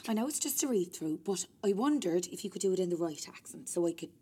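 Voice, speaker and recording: A woman's voice: on the low side, expressive, fast, mellow, breathy edge. A woman with an Irish accent playing a polite but firm drama director. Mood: brisk. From Dublin.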